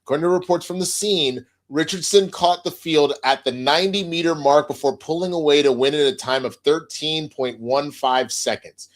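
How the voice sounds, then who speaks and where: A man's voice: fairly high pitch, moderate pace, few pauses. A man co-hosting a casual podcast, reading sports stories aloud and joking with his co-host. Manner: reads news aloud, joking banter.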